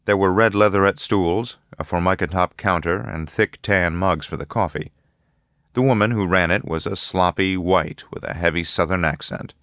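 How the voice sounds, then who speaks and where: A man narrating a first-person audiobook in a measured, low-key, matter-of-fact way. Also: fairly bright tone, smooth, no echo, studio quality.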